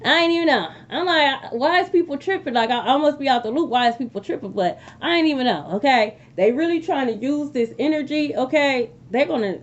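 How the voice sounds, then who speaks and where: A woman giving a casual tarot reading to her viewers, animated and repeating phrases, often checking in with "okay?". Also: high voice, brisk, dull audio, a little hiss or hum. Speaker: tarot reader.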